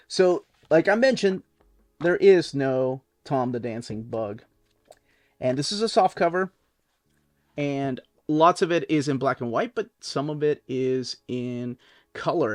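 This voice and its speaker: A man's voice: medium pitch, no room sound, studio quality. A man casually showing and reviewing comic books, rambling and enthusiastic with plenty of fillers. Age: adult, watched reruns as a kid. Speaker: book reviewer. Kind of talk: casual product overview.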